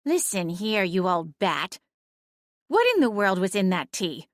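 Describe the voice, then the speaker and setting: A woman voicing a bossy sharp-tongued cat. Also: mid-range voice, very animated, a little slow, no echo, studio quality. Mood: indignant. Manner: bossy, blunt, scolding.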